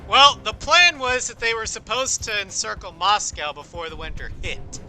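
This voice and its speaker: Male streamer, high bright tone, rambling casual chat over soft game music. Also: moderate pace. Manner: rambling, musing history talk with fillers. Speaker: livestreamer. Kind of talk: casual chat while gaming.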